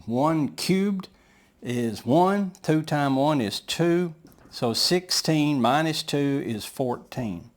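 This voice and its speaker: Guy teaching calculus real slow, patient, walks thru every step out loud. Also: on the high side, expressive. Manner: slow, patient, talks through each step aloud. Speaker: math teacher. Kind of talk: whiteboard math lesson.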